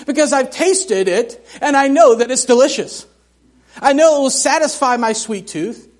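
Male preacher, middle-aged, very high voice, folksy and animated, sermon in a church. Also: normal speed. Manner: folksy, animated storytelling with humor. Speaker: missionary preacher. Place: church sanctuary.

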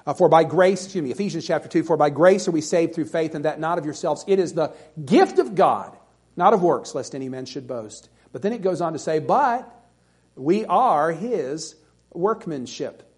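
A man's voice: a little high, lively intonation, moderate pace, a little mellow, breathy edge. A man preaching a sermon, reading scripture and pleading earnestly with his listeners. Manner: earnest, pleading, reads scripture in King James wording.

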